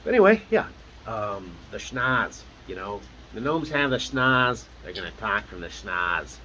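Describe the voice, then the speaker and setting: Animated chatty man with a lively pitch. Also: a little slow, a little hiss or hum, low-quality recording. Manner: chatty and animated, with lots of asides. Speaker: dungeon master. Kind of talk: casual campaign recap vlog.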